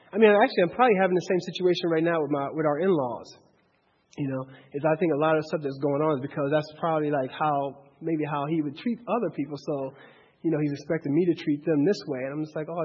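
A man leading a Bible study, talking in an animated way, with many restarts and rhetorical questions. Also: on the high side, slightly rough. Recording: dull, echoey hall recording.

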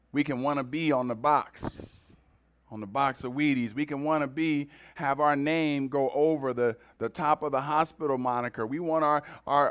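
A man's voice: mid-range voice, clear, resonant tone. A man preaching a sermon to his congregation, talking in a conversational way and repeating words for emphasis. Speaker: pastor.

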